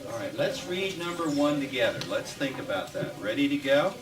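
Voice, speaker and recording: A man's voice: medium pitch, big pitch swings, normal speed. A male teacher leading a classroom demonstration lesson. He coaxes the students and repeats their sentences back to the class. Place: classroom with grade-five students. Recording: roomy, distant, noisy classroom recording.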